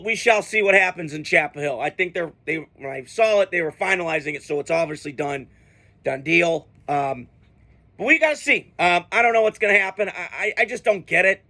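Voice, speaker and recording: A man's voice: high-pitched, bright, forceful tone. A man ranting through a football reaction video in a blunt, profane, worked-up way, swearing freely at his team and its coach. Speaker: sports fan vlogger. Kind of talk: profane sports reaction rant.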